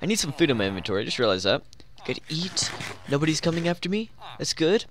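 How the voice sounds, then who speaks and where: A young man giving excitable, joking commentary while playing a game, talking to himself and the players around him. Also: on the high side, quick pace, a little hiss or hum. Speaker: gaming YouTuber. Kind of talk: live Minecraft gameplay commentary.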